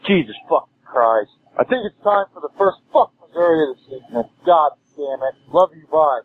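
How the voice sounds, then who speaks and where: A man's voice: a little high, lively intonation, moderate pace, slightly rough, no room sound. A man leaving an angry, expletive-filled voicemail as a fan caller, ranting and sounding drunk. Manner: ranting, swearing nonstop, enraged. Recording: tinny voicemail phone line.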